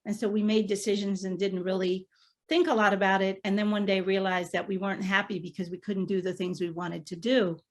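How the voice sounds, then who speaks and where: A woman's voice: medium pitch, steady tone, brisk. A woman financial coach in conversation, affirming and encouraging toward her client.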